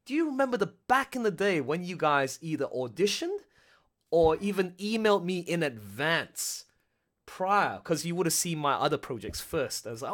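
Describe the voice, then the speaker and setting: Excitable rambling man hosting a stream. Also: fairly high pitch. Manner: excitable, rambling, laughs often. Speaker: host, director and producer. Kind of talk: casual live stream chat.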